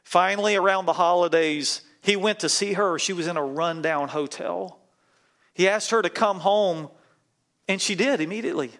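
A man's voice: sits high, normal speed, fairly bright tone. A man, a pastor, preaching a sermon in a church and leading the congregation in call-and-response. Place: church sanctuary.

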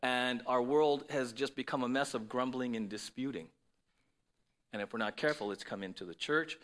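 Bright-voiced male pastor preaching. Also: mid-range voice, normal speed. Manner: conversational preaching, frequent "right?" asides. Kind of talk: sermon.

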